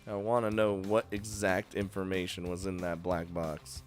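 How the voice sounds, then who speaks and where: A man's voice: sits low, flat delivery, moderate pace, hardly any pauses, soft background music. A man giving casual game commentary with laughing, self-deprecating asides. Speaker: gaming commentator.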